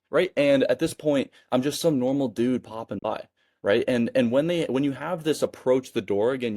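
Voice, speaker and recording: A man's voice: mid-range voice, darkish tone, no echo, clean studio sound. A man in his twenties giving casual sales advice in a chatty way, often adding "right?". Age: 20s. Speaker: sales coach and business owner. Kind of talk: casual teaching monologue.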